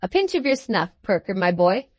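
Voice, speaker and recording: A woman voicing a hearty, jolly old country gentleman in an audiobook reading, speaking in a booming, exclamatory way. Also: sing-song, normal speed, no room sound. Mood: jovial.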